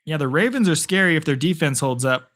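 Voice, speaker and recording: Calling live play-by-play and chatting casually, this streamer talks to viewers at home through a phone balanced on a picture frame. He rambles in a chatty way. His voice is on the high side, animated, fairly bright, and a little fast.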